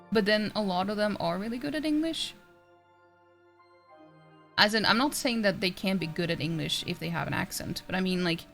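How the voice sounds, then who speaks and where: Gravelly-voiced woman streamer. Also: mid-range voice, fairly bright tone. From Norway. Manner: rambling, self-interrupting, laughs often. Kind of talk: casual chat reading out chat messages. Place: home streaming setup.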